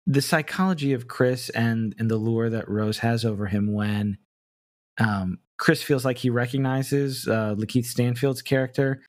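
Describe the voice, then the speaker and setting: Man, analytical podcast talk, easy laughter, mid pitch, dry mic. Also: a little slow, dry recording. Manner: amused, analytical, laughs often. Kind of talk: casual podcast discussion.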